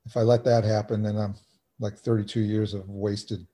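Middle-aged guy on a video call, warm low-key voice, lots of "you know" and "uh", halting but earnest. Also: flat delivery. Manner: halting, many fillers and restarts, earnest. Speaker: recovery meeting speaker. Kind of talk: personal sharing on a video call.

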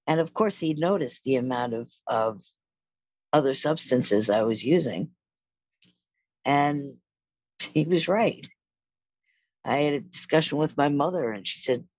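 A woman's voice: deep voice, expressive, unhurried, pauses often, darkish tone, breathy edge, no echo. A middle-aged woman sharing her own story of addiction and recovery in a candid, wry storytelling manner, acting out the lines of other people as she goes. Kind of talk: personal testimony.

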